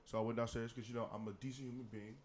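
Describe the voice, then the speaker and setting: A man co-hosting a podcast, telling a profane story with animated energy. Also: medium pitch, racing, slight background noise. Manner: animated, profane storyteller who acts out the scenes. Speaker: podcast co-host. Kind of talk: casual chat, telling a funny story.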